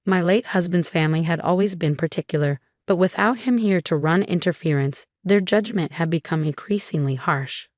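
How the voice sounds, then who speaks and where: Low-voiced woman narrating a story. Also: moderate pace, hardly any pauses, a little mellow, no echo, studio quality. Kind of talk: scripted first-person story narration.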